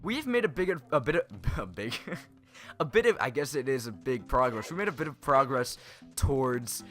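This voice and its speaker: Bright-voiced young man commenting on gameplay. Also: medium pitch, expressive, moderate pace, soft background music. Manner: rambling, self-correcting. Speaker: let's play host.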